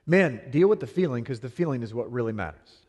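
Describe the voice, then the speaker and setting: A middle-aged male pastor preaching a sermon, telling a story with animated delivery and acting out both sides of a quarrel. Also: mid-range voice, fast talker. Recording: long hall reverb.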